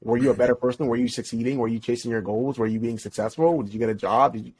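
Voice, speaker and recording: A man's voice: medium pitch, quick pace, breathy edge. A man speaking as a relationship expert guest on a podcast, talking casually in slang with frequent laughs. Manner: slangy, animated, laughs often.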